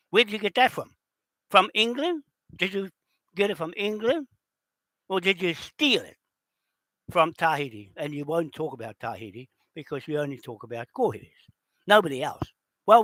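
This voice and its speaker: A man delivers a furious, cursing rant, hammering his listeners with rhetorical questions. His voice sits a little higher than most men's. The recording is dry and close, with no room sound. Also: fairly bright tone, no echo. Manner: confrontational, heavily profane, rhetorical questions. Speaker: indigenous land claimant. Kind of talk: angry direct-to-camera rant.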